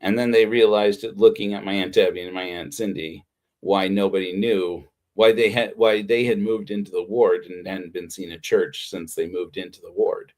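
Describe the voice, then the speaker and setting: Low-voiced man giving a rambling sermon. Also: steady tone, moderate pace, a little mellow. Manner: rambling, heartfelt, with frequent restarts. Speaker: pastor. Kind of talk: conversational sermon on a livestream. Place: Utah.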